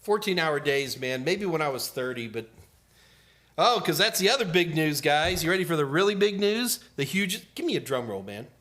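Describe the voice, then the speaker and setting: A man in his sixties with a bright, fairly high voice, hosting a casual live question-and-answer stream. He talks in a playful, jokey way and often trails off mid-sentence. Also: lively intonation, moderate pace. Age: 60s. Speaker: host, IT certification trainer.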